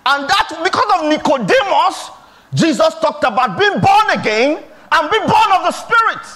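Nigerian pastor guy preaching, really high bright voice, swings from soft to shouting. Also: very animated, normal speed. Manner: preaching with rising shouts and pleading questions. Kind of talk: sermon.

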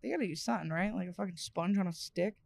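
A woman's voice: fairly low pitch, quick pace, vocal fry, darkish tone. A young adult woman co-hosting a podcast in casual chat, crude and profane, laughing often. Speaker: podcast co-host.

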